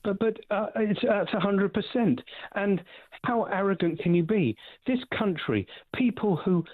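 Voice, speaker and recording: Man calling in, cross and halting, fairly high voice, thin phone sound. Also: lively intonation, no echo. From England. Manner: indignant, halting with fillers. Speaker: caller. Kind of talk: phone-in call. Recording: dry tinny phone line.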